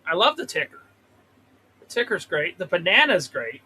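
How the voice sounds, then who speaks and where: A man's voice: sits high, sing-song, moderate pace, pushed and bright, husky, low-quality recording. A man hosting a casual live trading stream from a trailer, rambling and swearing as he talks to the chart. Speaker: livestream host trading stocks. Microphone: desk mic with pop filter.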